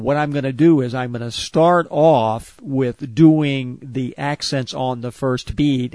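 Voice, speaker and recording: A man calmly explaining a movement exercise step by step, repeating each point with care. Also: mid-range voice, dry recording. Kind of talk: step-by-step instruction.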